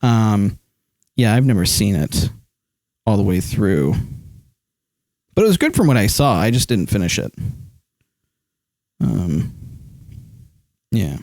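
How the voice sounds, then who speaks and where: A man's voice: on the low side, very animated, takes it slowly, long pauses, darkish tone, no echo. A man streaming live, chatting casually about movies and answering chat with lots of ums and uhs. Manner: rambling, many fillers, reads chat aloud.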